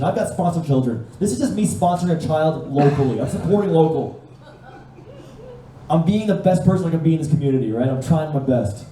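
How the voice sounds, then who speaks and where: Young guy doing live standup, swears a lot, does voices for the phone calls, dark mellow tone, echoey room, mic kinda far off. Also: a little high, quick pace, slight background noise. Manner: animated, profane, acts out phone calls in voices. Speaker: stand-up comedian. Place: live comedy stage with audience. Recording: echoey room from a distance, faint ambience.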